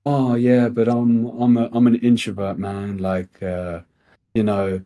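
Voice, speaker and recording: A man voicing a glum introverted male sales rep who mumbles in a flat, resigned way. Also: fairly low pitch, a little slow, natural voice. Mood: sulky.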